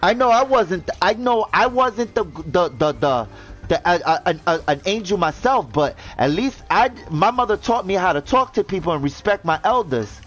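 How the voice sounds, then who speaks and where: A man's voice: high voice, animated, moderate pace, a bit bright, soft background music, rough recording. A man ranting indignantly in casual commentary, swearing and repeating himself as he stumbles over words. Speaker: gaming vlogger.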